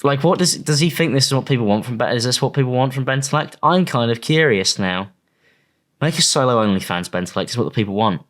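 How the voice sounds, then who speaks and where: A man's voice: mid-range voice, expressive, fast. A young man, mocking and swearing freely in casual online commentary. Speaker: commentary YouTuber.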